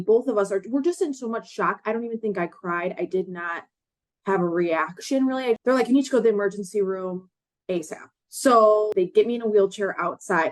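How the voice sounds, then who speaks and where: A woman in her late twenties from Chicago, earnestly telling her own story as a guest and acting out the words of others. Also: on the low side. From Chicago, USA. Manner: earnest, acts out others' words in quoted voices. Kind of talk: personal storytelling in an interview.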